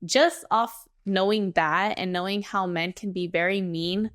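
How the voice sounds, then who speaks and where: A woman's voice: medium pitch, a little slow, fairly bright tone, dry recording, clean studio sound. A young American woman co-hosting a podcast, ranting casually in a blunt, emphatic way and swearing freely. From United States. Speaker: podcast co-host.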